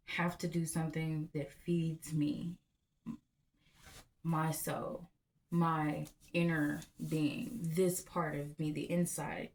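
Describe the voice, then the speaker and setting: A woman, telling a personal story in a blunt, profane, animated way. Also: lowish voice. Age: 30s. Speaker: vlogger. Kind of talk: candid storytelling to camera.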